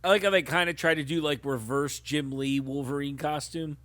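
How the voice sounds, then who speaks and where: Brief: male co-host, somewhat high voice, casual and chatty movie talk. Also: fairly even intonation, moderate pace, a bit bright. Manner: chatty, asks "you know what I mean". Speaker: podcast co-host. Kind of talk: movie commentary chat.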